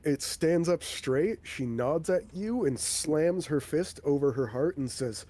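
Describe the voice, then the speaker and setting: A man's voice: on the high side, lively intonation, measured pace, few pauses, mellow. A man narrating a tabletop game as game master, in a loose, casual way with fillers and swearing.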